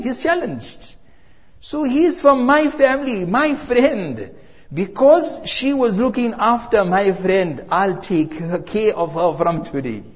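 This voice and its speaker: A man delivering a sermon as a story, emphatic, drawing out key words. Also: sits high. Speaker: preacher. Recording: reverberant hall, dull lo-fi sound.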